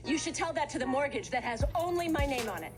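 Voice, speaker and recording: A TV-drama wife who delivers a cold, cutting put-down. Her voice is high, and loud music plays underneath it. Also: animated, quick pace. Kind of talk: TV drama acting.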